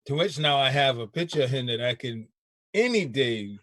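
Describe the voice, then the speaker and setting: A man's voice: medium pitch, lively intonation, moderate pace, a bit bright, no room sound. A man hosting a casual chat show, laid-back and slangy, laughing often. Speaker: show host.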